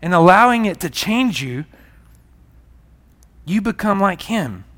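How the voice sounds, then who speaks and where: High-voiced male pastor preaching emphatically. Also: sing-song, measured pace, fairly bright tone. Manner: emphatic preaching that repeats key phrases. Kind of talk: sermon.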